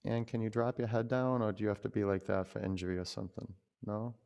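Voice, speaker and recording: Male yoga teacher, low gravelly voice, gentle chatty cueing. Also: little pitch movement, quick pace. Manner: gentle, conversational cueing with frequent fillers. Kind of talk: guiding a yoga class.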